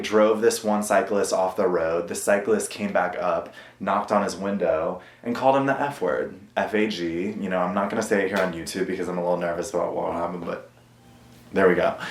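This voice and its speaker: A man talks straight to his camera at home in a candid, confessional monologue, earnest and hard on himself, with frequent swearing. His voice sits a little low, and the room gives it a noticeable echo. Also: brisk. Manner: earnest and self-critical, swearing often. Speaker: vlogger.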